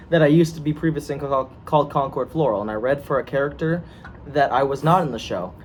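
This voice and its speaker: A man's voice: medium pitch, fairly quick. A young American man chatting casually before a script reading, joking, laughing often and tripping over his words. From United States. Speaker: co-host of a script reading video. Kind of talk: casual banter. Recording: faint room noise.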